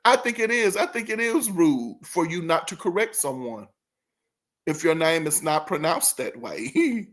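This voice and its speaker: A man's voice: fairly high pitch, lively intonation, unhurried, a bit bright. A man hosting his own channel, telling a story casually in a rambling way, laughing often and imitating the people in it. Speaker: channel host.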